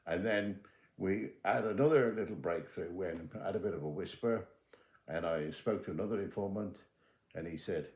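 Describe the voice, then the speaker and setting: Older British man, very deep, roomy sound. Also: normal speed, a little mellow. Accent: British English. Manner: acts out both sides of remembered dialogue. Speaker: retired detective telling his own case. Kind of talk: spoken true-crime storytelling. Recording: roomy echo.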